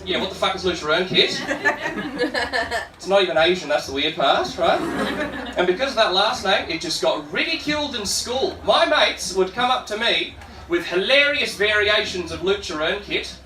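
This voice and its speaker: A man's voice: high-pitched, lively intonation, moderate pace, noisy background. A young Australian man in his twenties doing a brash, sweary stand-up set with laughing asides. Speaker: stand-up comedian. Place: comedy club stage. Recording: echoey club from far off.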